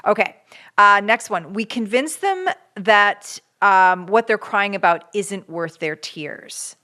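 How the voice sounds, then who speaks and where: Woman from Canada, middle-aged, casual podcast talk, animated, acts out voices, mid-pitched. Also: slow. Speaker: podcast co-host.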